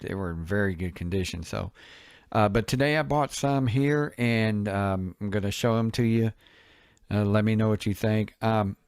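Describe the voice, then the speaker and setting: A middle-aged man talks casually in his home office, his voice sitting a little low. He rambles, fills pauses with ums and uhs, and corrects himself as he goes. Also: darkish tone. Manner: rambling, many fillers and self-corrections. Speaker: record collector reviewing albums. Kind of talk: casual vlog chat. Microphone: mic on a stand near the camera.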